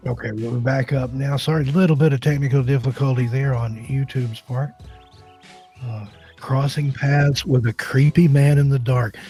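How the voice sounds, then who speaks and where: A man's voice: mid-range voice, fairly even intonation, moderate pace, warm tone, faint music behind. A man hosting a casual live-stream chat show, joking and rambling with a slightly scratchy throat. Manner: easygoing, joking, rambling with restarts. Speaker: podcast host.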